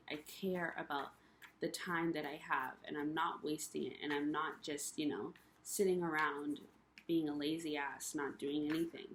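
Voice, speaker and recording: A woman's voice: fairly low pitch, a little hiss or hum. A young woman talking to camera in a rambling, emotional personal rant, full of ums and you-knows. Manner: rambling, confessional, many fillers; emotional, frustrated. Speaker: vlogger.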